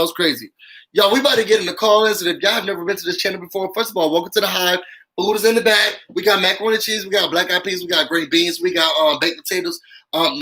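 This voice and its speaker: The audio is poor, and the host's voice sits high. On his casual YouTube live-stream with call-ins, he addresses viewers directly and animatedly, sprinkling in plenty of "y'all" and "um."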